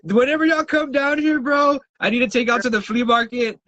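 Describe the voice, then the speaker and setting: A man's voice: very high voice, brisk, sharp tone, dry recording, dull audio. A man from South Texas hosting a casual podcast, ranting with lots of swearing and laughter. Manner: profane, ranting, laughs often. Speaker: podcast host.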